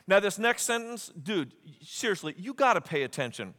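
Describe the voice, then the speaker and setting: A man preaching a sermon, retelling stories with lively, acted-out voices. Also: high voice, moderate pace, hardly any pauses, in a large hall. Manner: animated storytelling, acts out quotes. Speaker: pastor.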